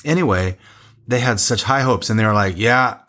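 Low-voiced man, rambling wine chat. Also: fairly quick, a bit bright. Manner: rambling, self-interrupting. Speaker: wine podcast co-host. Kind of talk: casual chat.

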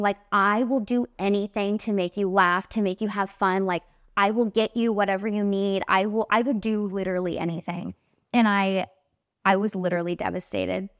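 Animated young woman telling a story. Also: mid-range voice, clear, resonant tone, dry recording, studio quality. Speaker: podcast host, makeup artist. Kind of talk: casual storytelling.

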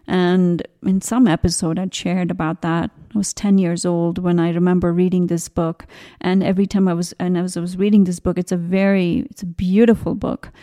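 Woman in her 40s, soft mellow voice, rambly chat about spiritual growth, keeps going off on tangents. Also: lowish voice, flat delivery, moderate pace. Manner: gentle, rambling, with side tangents and restarts. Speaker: podcast host. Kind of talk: casual spiritual podcast talk.

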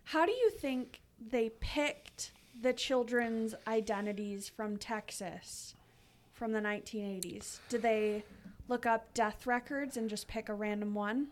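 A woman's voice: on the high side, a little slow. A woman co-hosting a casual podcast, reading news headlines and asking questions in a matter-of-fact way.

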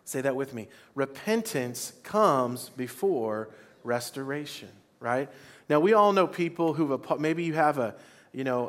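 A man preaching a sermon to a congregation, leading call-and-response lines. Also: medium pitch. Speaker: pastor. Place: church before a congregation.

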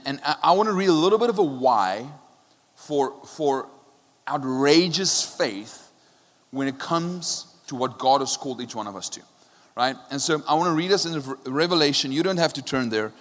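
Man, pastor, passionate sermon, quiet to loud swings, long hall reverb. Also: medium pitch, lively intonation, a little fast. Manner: often asks "right?".

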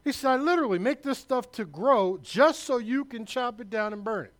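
A male pastor preaching a sermon, emphatic and loud, with asides to the congregation. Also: very high-pitched, brisk.

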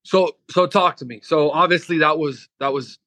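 Bright-voiced firefighter podcast host. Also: male voice, fairly high pitch, normal speed, no room sound. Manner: probing questions with restarts and repeated words. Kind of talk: podcast interview.

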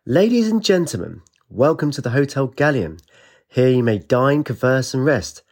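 A man's voice: mid-range voice, very animated, moderate pace, pitched above the performer's own voice. A man voicing a gracious woman hostess who welcomes guests in a grand, formal manner. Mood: welcoming. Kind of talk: audiobook character voice.

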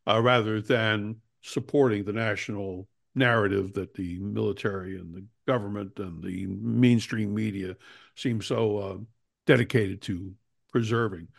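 A man's voice: lowish voice, fairly even intonation, measured pace, gravelly. A man hosting a talk show, chatting casually about politics with wry jokes. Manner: wry, joking.

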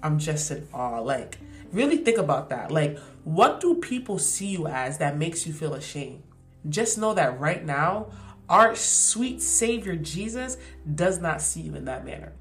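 Heartfelt young woman, voice going hoarse. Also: fairly low pitch, measured pace, soft background music. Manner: animated, heartfelt, emphatic with slang. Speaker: podcast host. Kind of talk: casual devotional reflection.

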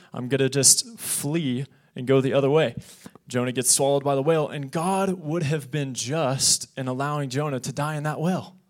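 Young man as youth pastor, earnest and animated sermon, brings quoted lines to life. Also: mid-range voice. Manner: earnest, animated preaching that acts out quoted voices. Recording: podcast of a live church sermon.

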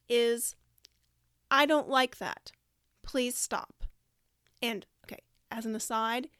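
A woman's voice: on the high side, no echo, studio quality. A woman giving practical classroom behavior advice in a direct, demonstrating way. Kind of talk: podcast-style teaching talk.

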